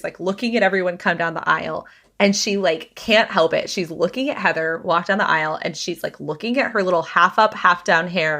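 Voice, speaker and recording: A woman in her thirties hosting a podcast, retelling a gossip story with lively quoted voices. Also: fairly low pitch. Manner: animated retelling, acting out quotes. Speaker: podcast host.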